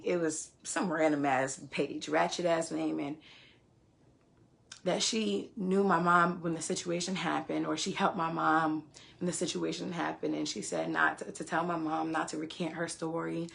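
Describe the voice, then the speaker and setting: A woman's voice: on the low side, fairly even intonation, moderate pace, gravelly. A woman, telling a story on a phone livestream in a profane, emphatic way. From Queens, New York. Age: 20s. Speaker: live streamer.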